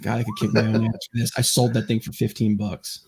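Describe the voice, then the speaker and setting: A man's voice: fairly low pitch, level tone, fast talker, vocal fry, a little mellow, a little hiss or hum. A man hosting a podcast in casual chat, rambling and stammering through lots of fillers. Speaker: podcast host.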